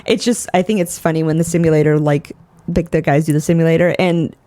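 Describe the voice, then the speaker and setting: A woman's voice: low voice, steady tone, fast talker, dark tone. A woman co-hosting a podcast, chatting casually and laughing often. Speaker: podcast co-host. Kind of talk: casual chat.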